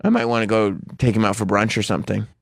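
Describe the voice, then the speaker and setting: A man's voice: on the low side, fairly even intonation, quick pace, gravelly, dry recording, clean studio sound. A man chatting casually on a radio show, joking, laughing often and acting out quoted lines. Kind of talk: casual studio banter.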